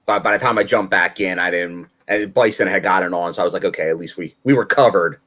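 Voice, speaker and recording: A man's voice: sits low, fast talker, fairly bright tone. A man co-hosting a casual wrestling podcast, chiming in with easygoing extra details. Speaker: podcast co-host.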